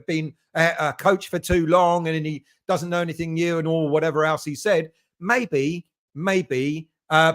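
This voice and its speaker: A man's voice: on the high side, a bit bright. A middle-aged man from England hosting a live fan stream, chatting casually and greeting each viewer as mate.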